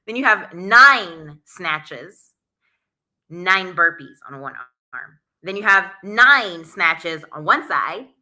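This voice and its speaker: Bright-voiced breathless woman streaming live. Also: on the low side, animated, slow. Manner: chatty, greets viewers by name mid-sentence. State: out of breath after a workout. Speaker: social media coach and live-stream host. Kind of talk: casual live-stream talk to viewers.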